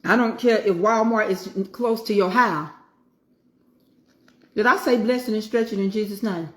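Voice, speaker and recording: A woman's voice: medium pitch, normal speed, fairly bright tone, roomy sound. A middle-aged woman, chatting casually while she eats, with folksy, preachy asides. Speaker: home cooking vlogger. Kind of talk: casual chat while eating.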